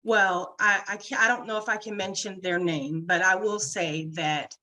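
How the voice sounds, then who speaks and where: Chatty woman founder, bright and sharp-toned, loose conversational storytelling full of fillers. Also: mid-range voice, fairly even intonation, moderate pace, rough recording. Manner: chatty, peppered with "you know". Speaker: small business founder, guest. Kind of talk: casual interview storytelling.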